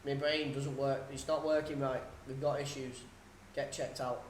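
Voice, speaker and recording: A man's voice: mid-range voice, flat delivery, moderate pace, roomy sound, a little hiss or hum. A young man streaming a football watchalong, chatting casually, swearing and laughing as he reads out live scores. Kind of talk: live score commentary and chat.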